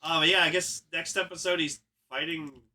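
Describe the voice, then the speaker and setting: A man co-hosting a casual fan podcast, excitable and sweary in his reactions. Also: on the high side, normal speed. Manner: excitable, animated, swears a lot. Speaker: podcast co-host.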